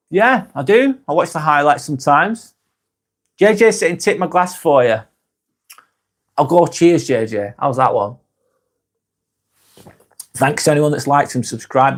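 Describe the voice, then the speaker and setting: A man's voice: a little high, expressive, measured pace, pauses often. A man with a British accent hosting a casual live stream, reading out viewer comments and answering them bluntly, swearing freely and often laughing.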